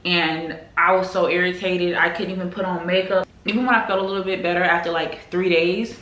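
A woman's voice: lowish voice, fairly even intonation, fairly quick, fairly bright tone. Chatty young woman vlogging at home. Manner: chatty, lots of "like" and "girl". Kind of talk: casual chat to camera. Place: at home in her apartment. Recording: echoey room.

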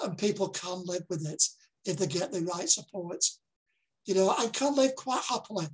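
Husky older Lancashire man speaking earnestly. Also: high-pitched, rough recording. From Lancashire, England. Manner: earnest, heartfelt, repeats phrases for emphasis. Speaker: dementia campaigner giving a talk. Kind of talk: public presentation.

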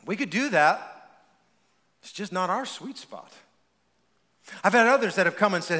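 A man preaching a sermon as pastor, energetic and repetitive with stammered restarts. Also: high voice, measured pace, pauses often, in a large hall. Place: church sanctuary.

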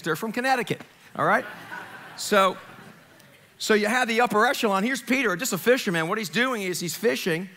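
Pastor, male, from Long Island: high, bright, lively sermon voice, chatty with asides. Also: brisk. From Long Island, New York. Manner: animated and conversational, jokes and asides, swings from loud to hushed. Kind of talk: Easter sermon. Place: church sanctuary, live service.

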